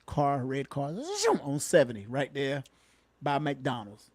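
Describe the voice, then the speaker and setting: A man's voice: medium pitch, steady tone, measured pace, dry recording. A man who is a retired police officer and comedian, telling folksy patrol stories in casual podcast chat. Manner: folksy, Southern-flavored slang, chuckles at his own stories.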